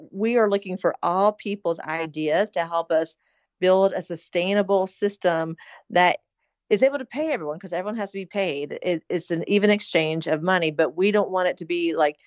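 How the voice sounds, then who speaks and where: A woman's voice: on the low side, no room sound. Woman, middle-aged, earnest rambling interview guest, muffled lo-fi recording. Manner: earnest, rambling, many fillers. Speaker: interview guest planning a hospital. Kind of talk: casual interview talk. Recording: dull lo-fi sound.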